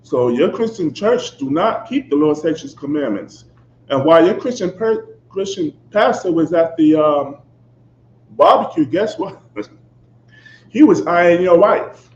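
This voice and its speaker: A man's voice: fairly high pitch, darkish tone. Fiery preacher man, echoey lo-fi recording. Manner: repeats "you understand?" after nearly every phrase; fiery and profane. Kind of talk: confrontational sermon. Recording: echoey, dull lo-fi recording with faint background noise.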